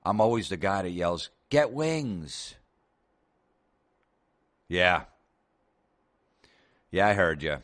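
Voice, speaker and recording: A man's voice: low voice, measured pace, long pauses, fairly bright tone. A man voicing a dim, eager man who stumbles earnestly over his words and is proud of his catchphrase.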